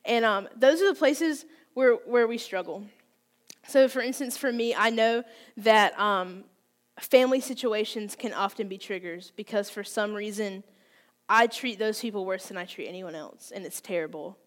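A woman's voice: medium pitch, normal speed. A woman in her twenties giving a candid, conversational sermon, open and self-deprecating about her own faults. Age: 20s. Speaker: youth speaker.

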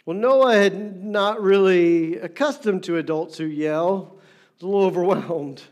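Male pastor, middle-aged, sermon, fairly high voice, dramatic loud-to-soft delivery, repeats phrases. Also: unhurried, muffled recording. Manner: dynamic, swings from loud emphasis to soft whispers.

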